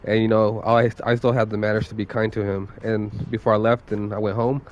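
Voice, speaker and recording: Over dull audio with a little hiss or hum, a young man streams casual chat in a fairly low, level voice, speaking fairly quickly. He's recovering from a cold, coughs occasionally, and rambles with profanity and plenty of "like."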